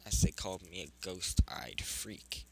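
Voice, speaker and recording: A man voicing a shy four-year-old girl in a fan story, in a timid, stammering, breathy voice. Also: sits low, unhurried, exaggerated voice.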